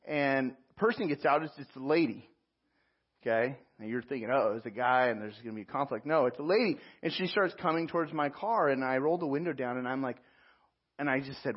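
Husky-voiced man telling a sermon story. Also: mid-range voice, fairly quick, muffled recording. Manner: storytelling, animated asides and self-mocking laughs. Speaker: pastor.

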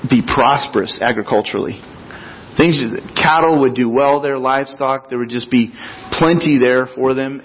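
A male pastor with a husky, slightly rough voice delivers a relaxed, conversational sermon. He slips into the voices of the people he quotes and adds folksy asides. The recording sounds dull and lo-fi, as if captured in a church sanctuary. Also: medium pitch.

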